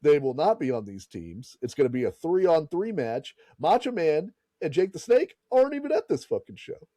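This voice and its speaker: A man's voice: on the high side, big pitch swings, normal speed, dark tone, no echo. A man hosting a podcast, casually retelling a story and laughing and swearing as he goes. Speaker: podcast host.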